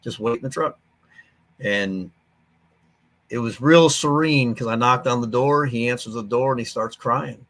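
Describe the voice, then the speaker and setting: A man tells his stories bluntly and candidly, in the plain, direct talk of a former soldier. He sounds like a guest in a relaxed podcast conversation, and his voice sits at an ordinary middle pitch. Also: measured pace, pauses often. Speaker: guest, veteran organization leader.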